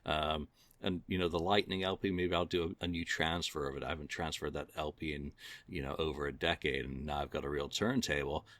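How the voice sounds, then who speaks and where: A man's voice: a bass voice, steady tone, a little fast, fairly bright tone, no echo. A man hosting a casual podcast chat, rambling and self-deprecating with lots of fillers. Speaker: podcast host.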